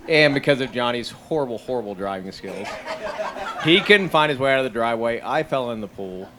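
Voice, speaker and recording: A man's voice: medium pitch, noisy background. A young man giving a heartfelt, laughing rehearsal dinner toast to a childhood friend.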